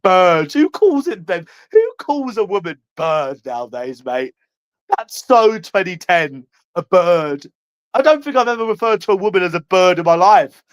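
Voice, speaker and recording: A man ranting to camera in a taunting, profane way, tagging lines with "mate" and swinging between loud and hushed. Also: sits high, sing-song, moderate pace, smooth, no room sound. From London. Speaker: vlogger.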